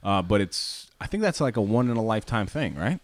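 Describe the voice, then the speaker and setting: Man, deep-ish voice, podcast co-host, casual and easygoing, dry studio sound. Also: big pitch swings, fairly quick, no echo. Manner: easygoing, laughs often, restarts his phrases. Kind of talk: casual chat.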